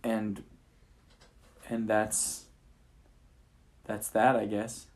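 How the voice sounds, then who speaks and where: A man's voice: on the low side, completely flat delivery, very slow. Man, dad telling a bedtime story, casual, thinking aloud, handheld recorder, home at night. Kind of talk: improvised storytelling.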